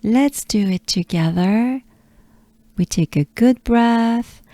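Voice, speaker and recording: French-accented woman, pronunciation coach, very slow patient drills, soft mellow voice, dry close sound. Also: fairly high pitch, dry recording. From France. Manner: patient, coaxing, repeats sounds slowly with breathy asides.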